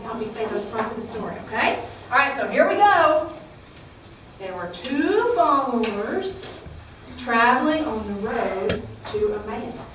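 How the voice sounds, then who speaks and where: Animated woman teaching a children's Bible story. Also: on the high side, slight background noise. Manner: animated, exclaiming, coaxing children to repeat lines. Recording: echoey room, heard from far off.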